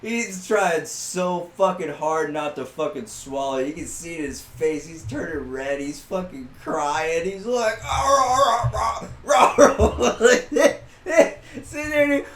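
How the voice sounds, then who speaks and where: Profane, animated storytelling man. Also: fairly high pitch, measured pace, few pauses, roomy sound. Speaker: podcast co-host. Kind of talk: casual storytelling chat.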